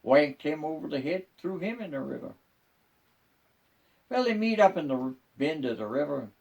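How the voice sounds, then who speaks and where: An older man, a grandfather, telling jokes in an unhurried, folksy storytelling way. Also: fairly high pitch, sing-song, creaky, a little mellow, far from the mic, dull audio. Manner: unhurried, folksy joke delivery.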